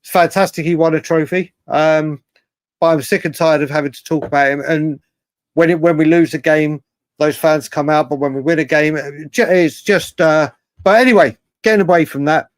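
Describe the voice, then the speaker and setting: Hosting a live fan show, a man talks through viewer comments at a moderate pace, his voice a little high on a dry recording. He's lively, repetitive, and sometimes swears.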